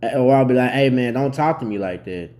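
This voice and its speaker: A young man talks straight to camera in a casual commentary, blunt and swearing freely as he gets worked up. His voice sits in a middle pitch with a dark, mellow tone. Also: brisk. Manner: blunt, heavily profane, worked up. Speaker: vlogger reacting to a news story.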